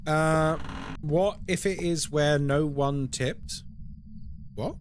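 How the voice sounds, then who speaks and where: A man's voice: a little high, drawn-out words, noisy background. A young British man chatting casually on a live stream, reading out and answering chat. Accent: British English. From Britain. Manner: chatty, animated, reads chat aloud and answers it. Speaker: horror game streamer.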